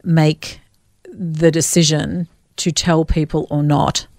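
A woman's voice: deep voice, level tone, takes it slowly, darkish tone, dry recording. A woman hosting an interview, reflecting back on what her guest says in an affirming way. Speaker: host.

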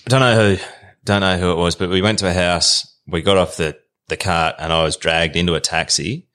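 Australian man in his 30s, deep, relaxed yarn-spinning guest. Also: a little fast. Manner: animated, colloquial yarn-spinner. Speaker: podcast guest. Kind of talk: casual storytelling.

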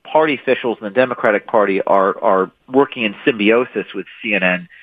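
A man speaks as an author and guest. He delivers his answers in a low, emphatic voice and often stumbles over repeated words. The audio comes through a tinny, narrow phone line with a dry sound. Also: a little fast, dry recording. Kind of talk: remote interview answers.

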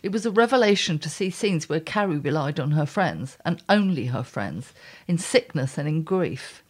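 Wry, blunt woman with a lively voice. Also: sits low, normal speed, husky. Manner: wry, blunt, exasperated asides. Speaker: columnist and podcast host. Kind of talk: reading her column aloud with chat.

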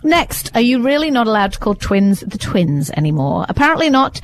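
A young adult woman, hosting a podcast in casual, animated chat and laughing easily. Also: a little high, a little fast, few pauses. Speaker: podcast host.

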